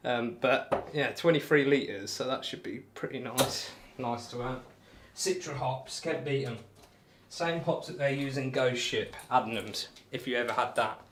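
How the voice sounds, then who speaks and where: A man's voice: medium pitch, a little slow, background noise. A man chatting casually on a live stream, reading out viewer comments and bantering between darts throws in a rambling, friendly way. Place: home room while throwing darts.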